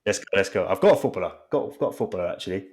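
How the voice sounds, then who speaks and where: A man's voice: deep voice, expressive, rapid-fire, breathy edge. A man co-hosting a casual podcast with his brother, rambling and restarting his sentences. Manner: rambling, with frequent restarts and laughter. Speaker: podcast co-host. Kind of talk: casual chat between brothers.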